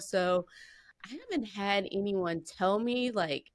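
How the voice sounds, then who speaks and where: A woman's voice: medium pitch, takes it slowly, no room sound. Dry-sounding woman podcast host. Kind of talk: podcast interview.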